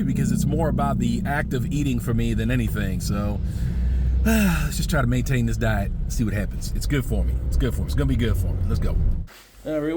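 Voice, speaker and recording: A man vlogging in a casual, candid, rambling way, sometimes talking to a puppy. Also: fairly high pitch. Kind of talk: casual vlog talk. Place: Thailand, indoors and out. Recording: noisy street ambience.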